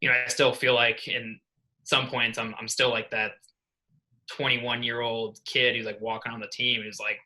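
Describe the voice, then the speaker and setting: Bright-voiced young man telling a story. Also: mid-range voice, level tone, normal speed, low-quality recording. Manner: rambling, earnest, many fillers and restarts. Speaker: assistant swim coach. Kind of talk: podcast interview storytelling.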